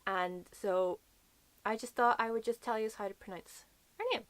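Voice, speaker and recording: A young woman with a Northern Irish accent in a casual book vlog, chatting and slowly spelling out how names are said. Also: mid-range voice, steady tone, fairly bright tone, no room sound. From Northern Ireland. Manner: chatty, explaining slowly and repeating words. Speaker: book vlogger.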